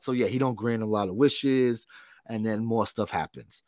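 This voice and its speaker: A man's voice: fairly low pitch, normal speed, darkish tone, no room sound, clean studio sound. A man co-hosting a pop culture podcast, chatting casually with lots of fillers and the odd swear word. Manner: rambling, filler-heavy, profane. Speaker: podcast co-host. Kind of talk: casual chat.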